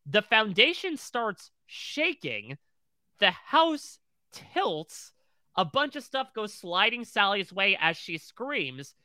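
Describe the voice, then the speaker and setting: A man's voice: high-pitched, big pitch swings, slow pace, pushed and bright, clean tone, no echo. A man co-hosting a TV recap podcast, retelling scenes in close detail. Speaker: podcast co-host.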